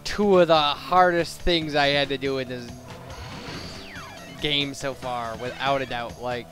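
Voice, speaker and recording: A man's voice: medium pitch, steady tone, unhurried. A young man giving casual, rambling game commentary, self-deprecating and full of fillers, while hiccuping. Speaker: let's play commentator. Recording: game music playing behind.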